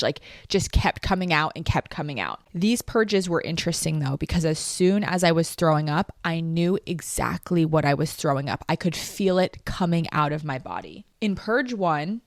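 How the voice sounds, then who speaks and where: A woman's voice: low voice, no echo, studio quality. A young woman telling a personal story in a casual, earnest way, with lots of fillers. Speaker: podcast host.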